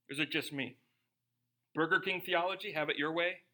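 A man's voice: a little high, steady tone, moderate pace, long pauses, sharp tone. A man pastor preaching a sermon with humor and rhetorical questions.

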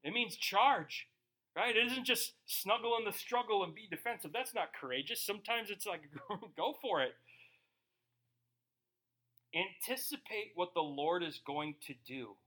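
A male pastor preaching a sermon, reading scripture slowly and then talking casually with asides. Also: high voice, lively intonation, sharp tone. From Germany.

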